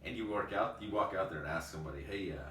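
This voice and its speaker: A man hosting a podcast, telling old work stories in a casual, animated way, laughing often and calling his friend dude and bro. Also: low voice, rapid-fire. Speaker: podcast host. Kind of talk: casual storytelling chat. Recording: roomy echo, distant mic, faint noise.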